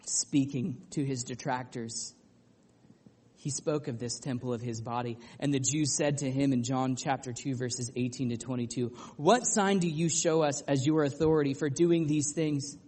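A man preaching a sermon with passion, building to loud emphatic peaks and then falling back to a quieter, lower delivery. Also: steady tone, normal speed. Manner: impassioned preaching, rising to loud peaks then dropping low.

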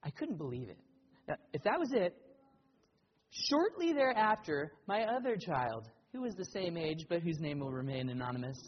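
A man preaching a sermon as pastor, earnest and animated, telling personal stories with emphatic swells. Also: moderate pace, long reverb tail, dull audio. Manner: animated storytelling with emphatic rises in pitch and loudness.

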